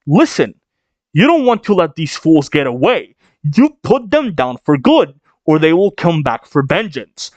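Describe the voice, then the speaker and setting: A man's voice: a little high, big pitch swings, measured pace, darkish tone, no room sound, highs cut off. A man reading aloud the lines of a scornful, hot-tempered chained giant from a manga.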